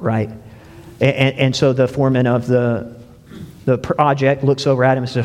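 A man's voice: mid-range voice, little pitch movement, normal speed, a little mellow. A male pastor preaching a sermon in a conversational way, dropping in "you know" and "right?" and repeating words as he restarts. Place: church. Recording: long reverb of a church hall.

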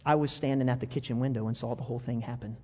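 A man voicing a gentle mother who speaks softly and forgivingly, in a long reverberant hall. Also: high-pitched, fast, lightly acted. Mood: tender. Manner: soft and tender.

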